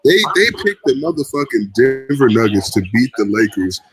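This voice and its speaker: A man's voice: mid-range voice, expressive, normal speed, husky, faint music behind, rough recording. A young man on a sports debate panel, blunt and emphatic, who often cuts in.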